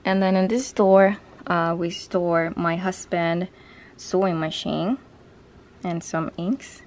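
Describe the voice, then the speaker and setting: A woman's voice: on the low side, flat delivery, slow pace, darkish tone, slight background noise. Chatty woman touring her craft studio. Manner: chatty, loose, with fillers and restarts. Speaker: craft vlogger giving a studio tour. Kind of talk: casual home tour narration.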